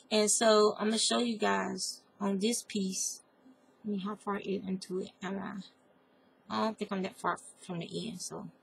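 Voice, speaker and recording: Gravelly Southern woman teaching crochet. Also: medium pitch, a little hiss or hum. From American South. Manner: chatty, digressive, talks to viewers as y'all. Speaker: crochet tutorial maker. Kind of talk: casual crafting tutorial.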